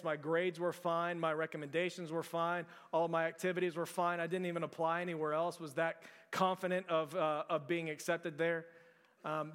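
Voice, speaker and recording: A man's voice: fairly high pitch, a bit bright, clean tone, long reverb tail. A man in his forties from Texas, preaching a sermon as pastor in a conversational storytelling way, often restarting his sentences.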